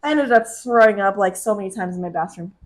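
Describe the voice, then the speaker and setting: A woman in her twenties co-hosting a podcast, telling stories in an animated way with frequent laughter. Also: mid-range voice, quick pace. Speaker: podcast co-host. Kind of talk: casual chat.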